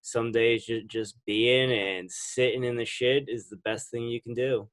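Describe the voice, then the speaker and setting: A man from New Jersey hosting a podcast, asking questions in a relaxed, conversational way with halting restarts. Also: medium pitch. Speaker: podcast host. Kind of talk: casual interview chat.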